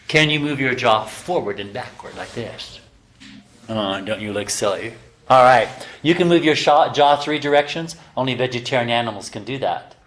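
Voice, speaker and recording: A man giving a lively health lecture to a class of students, teasing his listeners and firing rhetorical questions at them. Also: mid-range voice, slight background noise. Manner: animated, teasing, full of rhetorical questions to the audience. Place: talking to a live class of students.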